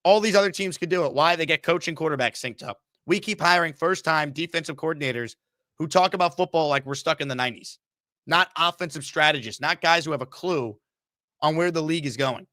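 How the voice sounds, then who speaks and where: A man's voice: fairly high pitch, a little fast, sharp tone, no echo, clean studio sound. A man hosting a sports talk show, ranting emphatically and with exasperation. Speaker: podcast host.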